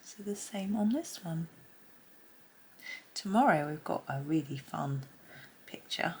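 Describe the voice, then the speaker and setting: A middle-aged woman talking softly and chattily through a colouring tutorial, often half-whispering. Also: low-pitched, lively intonation, slow pace, a little hiss or hum. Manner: soft-spoken, often half-whispering, chatty with small laughs. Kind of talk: casual narrated drawing tutorial.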